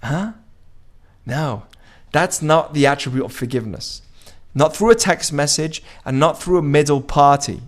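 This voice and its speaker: A man's voice: a little high, normal speed. A man giving an informal Jewish teaching to a group, speaking conversationally, asking the room questions and acting out quoted dialogue. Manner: conversational, asks the audience questions. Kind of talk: informal Torah class.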